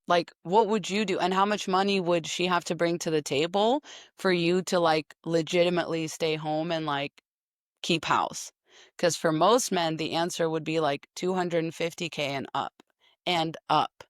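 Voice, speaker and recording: A woman's voice: on the low side, dry recording, studio quality. A young woman giving casual opinion commentary and answering comments, sarcastic and blunt, swearing freely.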